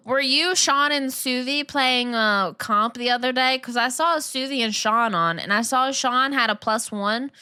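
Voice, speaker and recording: A woman's voice: high-pitched, pushed and bright, clean tone. A woman streaming and chatting casually with her viewers, giggling often and teasing as she reads and answers the chat. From Long Island, New York.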